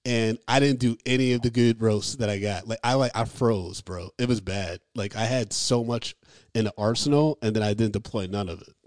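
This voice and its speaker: A man from the American Midwest, a comedian, chatting in a relaxed, rambling way. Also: lowish voice, moderate pace, no echo, clean studio sound. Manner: relaxed, rambling, lots of fillers. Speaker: comedian guest. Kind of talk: casual chat.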